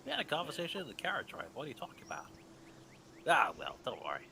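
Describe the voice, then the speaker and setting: A man's voice: a little high, wildly swooping pitch, quick pace, creaky, sharp tone, slight background noise. A man in casual play at a tabletop game, rambling and laughing as he talks. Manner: rambling, full of fillers and laughs.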